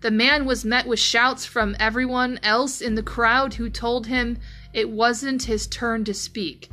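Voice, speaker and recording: A woman's voice: on the high side, fairly even intonation, a little slow, sharp tone, faint music behind. A woman hosting a news commentary podcast, reading stories and breaking into heated, profane rants. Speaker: podcast host.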